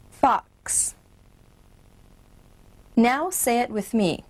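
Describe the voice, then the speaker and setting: A woman teaching phonics, slowly modeling each letter sound and word for learners to repeat. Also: on the high side, expressive, rough recording. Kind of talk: scripted instructional narration.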